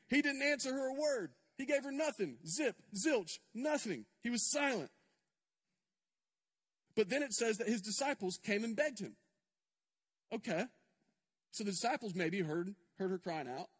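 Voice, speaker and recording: A male pastor with a high voice preaches in an animated, chatty style, firing off rhetorical questions. His voice rings with the long reverb of a church hall. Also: moderate pace. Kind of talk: sermon.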